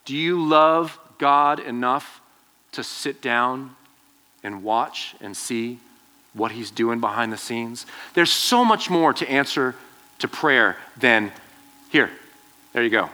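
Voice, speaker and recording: A young man preaching to students as their pastor, telling a personal story with lively, acted-out quotes. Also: mid-range voice, slow. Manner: animated storytelling, acts out quoted voices. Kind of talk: youth sermon with personal story.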